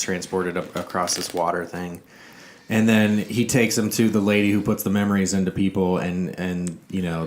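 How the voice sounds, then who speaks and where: A man's voice: deep voice, slight background noise. A man co-hosting a casual movie review podcast, retelling the plot loosely with fillers and quoted asides. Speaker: podcast co-host.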